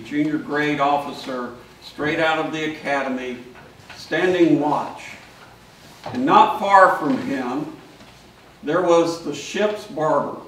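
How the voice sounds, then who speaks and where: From the pulpit, a male priest delivers a sermon as a story, speaking slowly and unhurriedly and shouting out the lines of the people in it. He's recorded from far away in a large church, with a deep echo and a faint hum of room noise.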